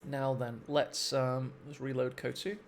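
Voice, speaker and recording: A man's voice: mid-range voice, flat delivery, measured pace, slight background noise. A man casting a live strategy game stream, joking, laughing and reading out subscriber names. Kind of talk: casual live game commentary. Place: home streaming setup.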